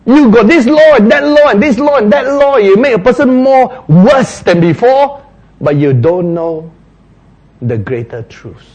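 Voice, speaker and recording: A man's voice: medium pitch, drawn-out words, pauses often, mellow, slightly rough, muffled recording. A man preaching voices a stern teacher rebuking legalists with emphatic, rising scolding.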